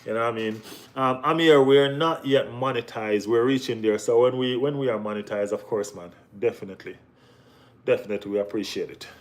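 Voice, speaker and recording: Young guy hosting a football live chat, easygoing, keeps asking you know what i mean, voice jumps up when he gets hyped. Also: brisk. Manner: repeats "you know what I mean", bursts into high excited exclamations. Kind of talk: casual live-stream chat.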